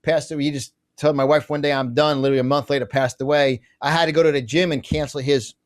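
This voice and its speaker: A middle-aged man with a slightly higher voice talks as an interview guest. His delivery is fiery and emphatic. He rushes through asides and often restarts his sentences. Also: steady tone. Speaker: guest, conservative business publisher. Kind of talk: fiery political interview talk.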